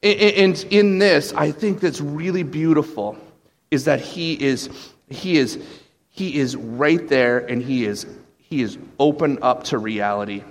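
A man preaching a sermon, animated, acting out quoted voices with sudden jumps in pitch. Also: a little slow. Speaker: pastor.

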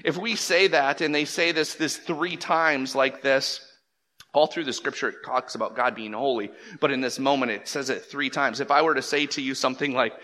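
Male pastor, sermon delivery, bright forceful tone, emphatic surges and drops, big reverberant hall. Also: medium pitch, fairly even intonation, moderate pace. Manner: emphatic, swings between loud bursts and hushed lines. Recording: long reverb of a large hall.

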